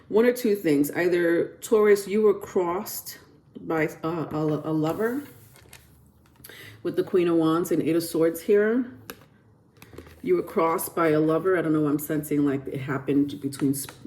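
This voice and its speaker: A woman's voice: lowish voice, a little mellow. A woman giving a casual tarot reading to camera, chatty and rambling with lots of fillers and restarts, often breaking into giggles. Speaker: tarot reader.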